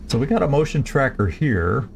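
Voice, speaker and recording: A man streaming a strategy game, planning his moves aloud in a halting, casual way with frequent restarts. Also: mid-range voice, big pitch swings, creaky, over music. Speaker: gameplay streamer. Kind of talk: casual let's-play commentary.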